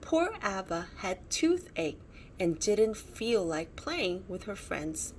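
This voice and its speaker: A woman reads a bedtime storybook aloud, slowly and with plenty of expression. Her pitch rises and falls widely, and she stops to point out the pictures. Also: big pitch swings, a little hiss or hum.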